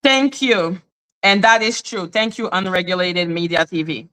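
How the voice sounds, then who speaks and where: A woman from Canada, holds forth on her live stream in a heated, casual rant. Her voice is bright and sharp, and she leans hard on her points, swears without pause and slips into high squeaky voices to mimic others. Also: lively intonation.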